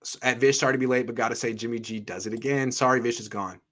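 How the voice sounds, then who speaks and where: A man's voice: mid-range voice, steady tone, fast, a bit bright. A man hosting a sports show, chatting casually and reading viewer comments aloud with blunt, sarcastic remarks. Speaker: sports podcast host.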